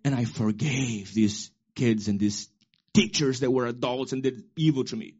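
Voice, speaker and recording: A pastor in his forties preaching a sermon with emphasis, rising to loud peaks and dropping to quiet asides. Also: mid-range voice, steady tone, normal speed, breathy edge, muffled recording.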